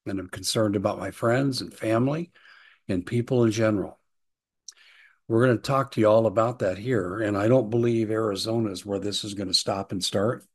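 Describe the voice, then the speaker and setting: Hoarse man hosting his own show. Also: lowish voice, normal speed. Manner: urgent, earnest, reading out posts. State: hoarse from talking all day. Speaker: host. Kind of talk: solo show monologue.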